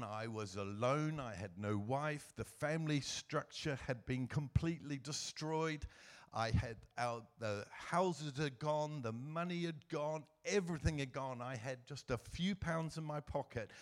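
Speaking at medium pitch, a middle-aged man shares a personal testimony as a guest speaker at church. He's earnest and emotional, laughing softly as he tells his story.

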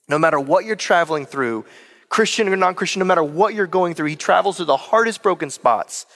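A man's voice: sits high, a bit bright. A young man preaching a sermon, speaking earnestly and directly to his listeners. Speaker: pastor. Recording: long hall reverb.

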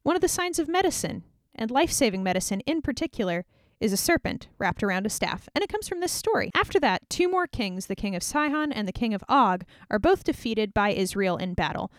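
A woman tells Bible stories in a chatty, playful way, with quick jokes along the way. Her fairly high voice moves up and down a lot. She sounds close and dry. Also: very animated, no room sound. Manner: chatty, playful, wry asides. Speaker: Bible teacher. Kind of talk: casual Bible story retelling.

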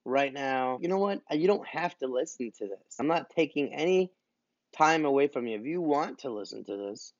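A man co-hosting a casual podcast chat, animated and quick to laugh, rambling between topics. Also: medium pitch, no echo, dull audio. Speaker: podcast co-host.

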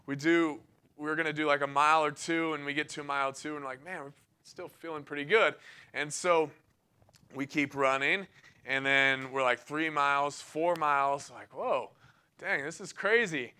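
A man's voice: fairly high pitch, steady tone, normal speed, pushed and bright, smooth. A young man giving a sermon in a casual, enthusiastic way, telling a personal story and often laughing between phrases. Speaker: preacher.

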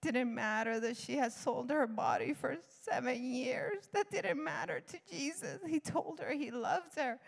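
Woman, missionary, testimony sermon, high voice, long hall reverb. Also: gravelly. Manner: earnest, laughing often, acts out dialogue. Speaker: missionary speaker.

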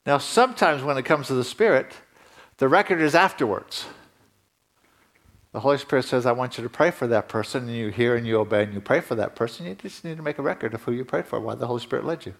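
A man delivers a sermon in a church in a relaxed, talking-to-you manner. His voice sits in a middle register and climbs with emphasis when he drives a point home. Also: medium pitch, fast talker, creaky. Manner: conversational preaching, rising emphatically at key points. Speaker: pastor.

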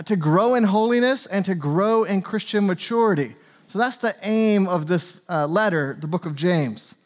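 A man in his forties, a pastor giving a sermon in a conversational, chatty way with frequent fillers. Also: high voice.

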